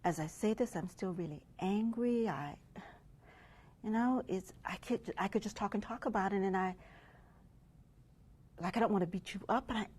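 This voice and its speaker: A wronged homeowner woman, played by an actress pours out her hurt in a mediation role-play, often sinking to a whisper. Her voice is breathy and husky, with a mellow, darkish tone. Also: medium pitch, normal speed, pauses often, lightly acted. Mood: hurt, angry. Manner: emotional, often dropping to a whisper. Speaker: victim in mediation.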